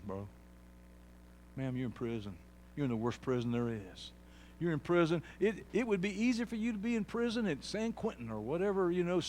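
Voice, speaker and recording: A man preaching a sermon, swinging from quiet, low passages to loud, shouted peaks. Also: a little hiss or hum. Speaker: pastor.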